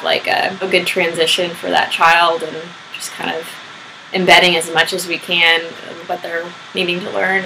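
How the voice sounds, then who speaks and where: A young woman music therapist chatting casually over a video call, laughing often and talking in quick bursts. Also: lowish voice, pushed and bright, slight background noise, rough recording.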